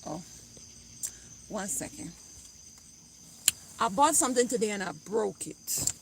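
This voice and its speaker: A woman's voice: medium pitch, expressive, slow pace, a little hiss or hum. A woman chatting bluntly and jokingly to her viewers in a casual vlog, recorded on a phone outdoors beside a car. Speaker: vlogger.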